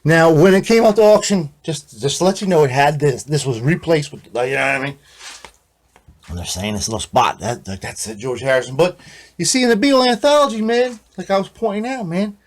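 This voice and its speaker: A man vlogging about guitars in a rambling, excitable, conspiratorial way, tossing in filler phrases constantly. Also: a little high, brisk. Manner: excitable, conspiratorial, constantly says "man" and "you know what I mean". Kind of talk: rambling casual show-and-tell.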